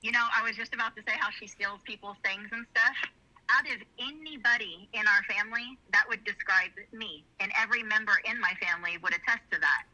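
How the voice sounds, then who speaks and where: Brisk and bright-voiced with a mid-range pitch, a middle-aged woman opens up as an interview guest with candid stories about her life. Her manner is earnest, emotional, and rambling, and the video audio sounds slightly muffled.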